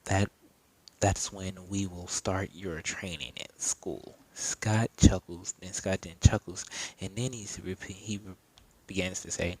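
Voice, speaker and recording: A man's voice: low-pitched, fairly even intonation, unhurried, a little mellow, husky, low-quality recording. A man improvising and narrating a fan story while gaming, rambling and correcting himself often.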